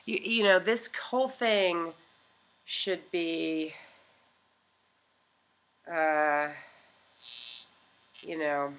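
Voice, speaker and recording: A woman's voice: on the low side, steady tone, very slow, long pauses, a bit bright, muffled recording. A woman vlogger chatting casually as she tries out beauty gadgets, rambling and often trailing off mid-thought.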